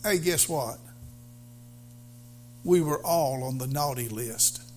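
A male pastor preaching a sermon, halting with fillers, then building to fervent emphasis. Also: medium pitch, a little hiss or hum.

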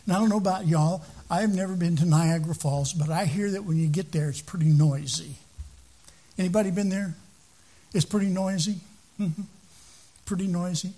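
A man's voice: sits high, normal speed. A man preaching a sermon as pastor, talking to the congregation and often repeating words and restarting phrases.

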